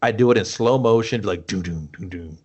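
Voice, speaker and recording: A man's voice: mid-range voice, fast talker, darkish tone, muffled recording. A man co-hosting a podcast, joking through a movie review and acting out bits with frequent laughter. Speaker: podcast co-host. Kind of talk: casual movie review chat.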